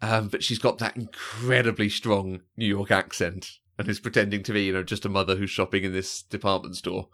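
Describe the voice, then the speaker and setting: A man's voice: on the low side, little pitch movement, brisk, few pauses, fairly bright tone. A man co-hosting a podcast, chatting casually about a film, hesitant with many fillers and frequent laughs. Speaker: podcast co-host. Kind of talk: casual film review chat.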